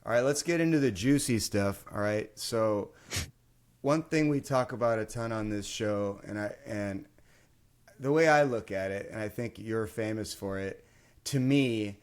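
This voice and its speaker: A man hosting a podcast, talking in a jokey, playful way with quick asides over a video call. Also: on the low side, smooth. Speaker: podcast host. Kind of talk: casual chat.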